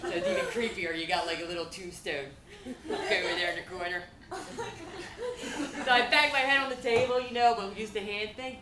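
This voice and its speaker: A woman's voice: mid-range voice, animated, moderate pace. A young woman doing stand-up at a fundraiser, rambling through funny stories and laughing as she goes. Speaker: stand-up comedian. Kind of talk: stand-up storytelling. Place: event venue. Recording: echoey room, far from mic, loud noise.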